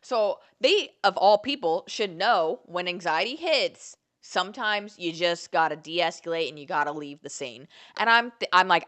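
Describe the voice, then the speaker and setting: A young woman vlogger telling a story in an animated, profane, candid way. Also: on the low side, moderate pace, hardly any pauses. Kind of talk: storytime vlog.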